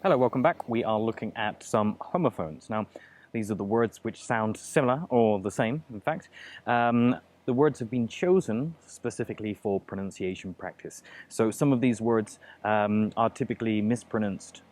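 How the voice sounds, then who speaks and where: A man's voice: mid-range voice, darkish tone. A man teaching a pronunciation lesson, explaining patiently with examples and frequent fillers. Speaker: English teacher.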